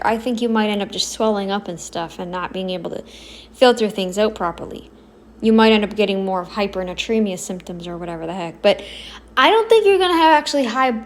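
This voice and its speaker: A woman giving casual reaction commentary, halting and self-correcting, blunt and exasperated in her opinions. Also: mid-range voice. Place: home, kneeling then seated.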